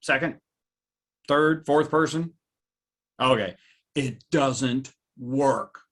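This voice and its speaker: A man presenting a live webinar, animated, reading out viewers' reactions by name and jumping up in pitch for emphasis. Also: drawn-out words. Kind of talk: lively live webinar talk.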